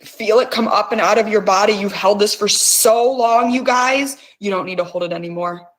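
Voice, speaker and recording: Leading a guided emotional release session, this middle-aged host urges listeners on with forceful words and lots of swearing. She speaks at a normal speed with a medium pitch.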